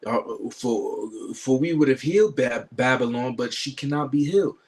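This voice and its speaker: A man's voice: medium pitch, moderate pace, darkish tone. A man giving casual reaction commentary on a video, preachy and scornful, quoting scripture and swearing.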